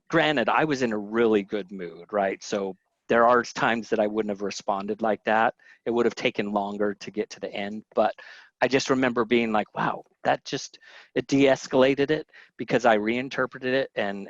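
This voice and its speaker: A middle-aged man with a lowish voice and a Southern American accent runs a casual family health webinar, chatting away, frequently restarting sentences, interrupting himself and acting out quotes in his stories. The audio is dry, dull and lo-fi, with no room sound.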